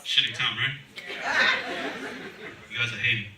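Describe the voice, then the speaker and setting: A man's voice: mid-range voice, fairly even intonation, unhurried, sharp tone. A man from Massachusetts doing a crude stand-up comedy set, joking with the crowd from a club stage. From Massachusetts, USA. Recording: echoey club, far from the mic, noisy.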